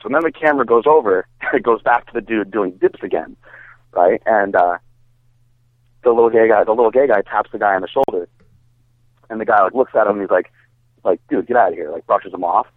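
A man's voice: on the low side, brisk, pauses often, dry recording. A man, a bodybuilder guest, telling a story in a casual, rambling way, full of fillers and swearing. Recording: dry, tinny phone-like sound.

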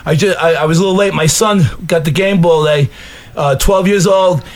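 A man, a regular on a radio show, talking loudly and boisterously, shouting and repeating himself. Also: on the high side, normal speed. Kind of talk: loud radio show banter.

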